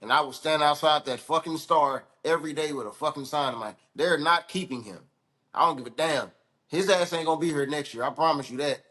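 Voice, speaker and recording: A man co-hosting a casual sports debate, heated and profane, talking in quick bursts. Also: on the high side, pushed and bright. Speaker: sports podcast co-host.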